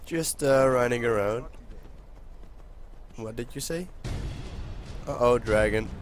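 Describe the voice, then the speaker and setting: A young man hosting a casual let's-play, excitable and chatty with his viewers, with a hoarse voice that keeps cracking. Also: mid-range voice, slow pace. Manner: excitable, talks to viewers while playing. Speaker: gaming channel host.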